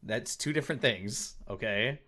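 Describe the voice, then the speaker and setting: A man's voice: medium pitch, moderate pace, bright, forceful tone. A male game streamer chatting casually while playing, thanking viewers and teasing his friends. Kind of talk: casual live-stream chat while gaming.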